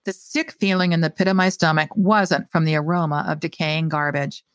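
A woman's voice: deep voice, fairly even intonation, moderate pace, dry recording. A woman author reading her own short story aloud with expression, and chatting casually and hesitantly about it afterwards.

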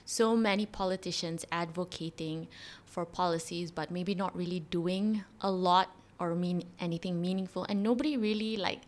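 Woman podcast host, casual animated storyteller. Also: lowish voice, moderate pace. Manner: chatty, animated retelling with frequent fillers. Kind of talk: casual conversational explanation.

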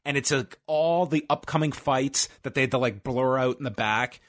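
A man co-hosts a podcast with loose, rambling, jokey storytelling. His voice sits at an ordinary middle pitch, and he talks in a relaxed, chatty way. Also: normal speed. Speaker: podcast co-host. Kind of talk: casual podcast chat.

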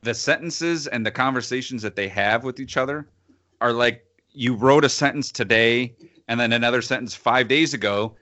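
A man's voice: medium pitch, moderate pace, bright, forceful tone, no room sound, lo-fi sound. A man in casual chat, co-hosting and reviewing films, sardonic and often laughing between phrases. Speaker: podcast co-host reviewing films.

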